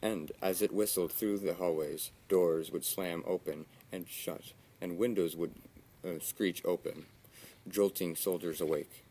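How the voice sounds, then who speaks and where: A man giving measured, scripted narration of a story. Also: deep voice, steady tone, warm tone, breathy edge.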